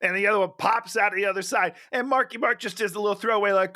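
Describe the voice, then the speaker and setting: A man's voice: high-pitched, very fast, bright, forceful tone. A man co-hosting a casual podcast, mocking a movie with sarcastic, mock-incredulous remarks and frequent laughter. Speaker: podcast co-host. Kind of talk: casual movie-roasting chat.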